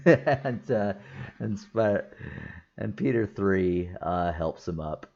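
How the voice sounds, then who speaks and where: Male film reviewer, deep slow delivery, casual enthusiastic rambling. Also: a little mellow, highs cut off. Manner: rambling, enthusiastic, frequent fillers and laughs. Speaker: movie reviewer.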